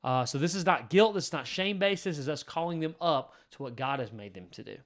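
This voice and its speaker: A man's voice: on the high side, expressive, fast, fairly bright tone. A man who is a lead pastor, giving a blunt, emphatic teaching talk to other church leaders. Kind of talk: direct-to-camera teaching talk.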